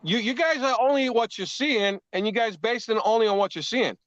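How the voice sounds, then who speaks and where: A man's voice: extremely high pitch, brisk, a crowd in the background. An older man arguing defensively in a livestream, insisting on his point and repeating phrases. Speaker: guest streamer. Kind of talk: heated casual debate. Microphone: video call. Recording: dry, muffled lo-fi call audio.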